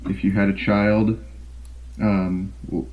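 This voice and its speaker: Young man with deep voice on call. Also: level tone, slow pace. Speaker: podcast co-host asking rapid-fire questions. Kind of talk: casual chat over a call. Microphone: call audio. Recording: dull lo-fi call audio.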